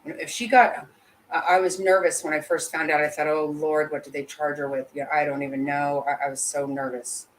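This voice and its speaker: A woman with a low voice gives live commentary to her chat. She talks bluntly and emotionally, swears freely and keeps breaking off and restarting her sentences. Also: level tone, a little fast, a little hiss or hum, poor audio. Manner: blunt and heated, with frequent swearing. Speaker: channel host.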